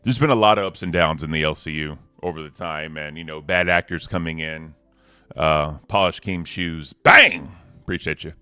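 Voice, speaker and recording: A man hosting a casual livestream, laid-back and slangy, giving hype shout-outs to the community. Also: extremely low pitch, fairly even intonation, moderate pace, clean tone, no room sound. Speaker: host.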